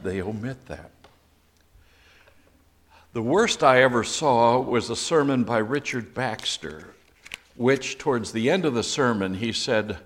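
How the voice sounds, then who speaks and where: A middle-aged man preaching a sermon as pastor, slow and emphatic, bursting into loud quotations now and then. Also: medium pitch, expressive, big-room sound.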